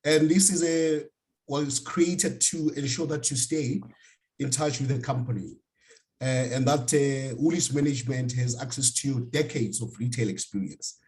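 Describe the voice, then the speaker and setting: A man's voice: medium pitch, normal speed, darkish tone. A man hosting an interview, asking questions in a hesitant way with many fillers and repeated starts. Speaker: interviewer, host.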